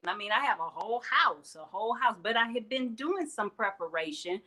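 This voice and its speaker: A woman's voice: mid-range voice, lively intonation, a little fast, sharp tone, rough recording. A middle-aged woman hosting a heartfelt motivational talk, earnest and candid, with emphatic rises in her speech. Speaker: host.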